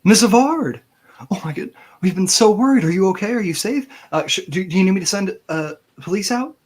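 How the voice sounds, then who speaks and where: A man voicing a nervous corporate secretary who stammers and rushes on a phone call in a tabletop game. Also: medium pitch, close to an everyday voice. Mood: panicked. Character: flustered secretary at a corporate front desk.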